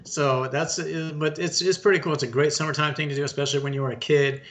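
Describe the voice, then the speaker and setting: A man's voice: on the high side, fairly even intonation, quick pace, fairly bright tone. A middle-aged man co-hosting a casual talk show, telling a long story in a folksy way and calling listeners folks and bud. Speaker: podcast co-host.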